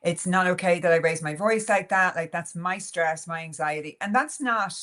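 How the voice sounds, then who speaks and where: Candid Irish woman with a lowish voice. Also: normal speed. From Ireland. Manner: frank and animated, laughing often, many "like" and "you know" fillers. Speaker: podcast guest. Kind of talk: candid conversational interview.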